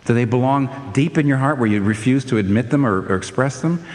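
An older man preaching a sermon in an animated way, his voice climbing to emphatic peaks, with frequent restarts. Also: medium pitch, a little fast, big-room sound.

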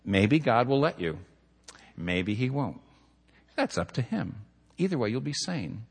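A man's voice: medium pitch, sing-song, a little slow, vocal fry, slightly rough. A middle-aged man, a pastor, preaching a sermon with earnest storytelling and numbered points. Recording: long hall reverb.

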